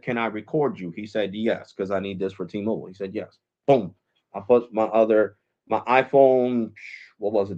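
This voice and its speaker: Male streamer, mid-pitched, animated and profane, acts out quotes while telling a story; muffled lo-fi stream audio. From Puerto Rico. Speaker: live streamer. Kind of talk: casual storytelling to a live stream audience. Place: at home.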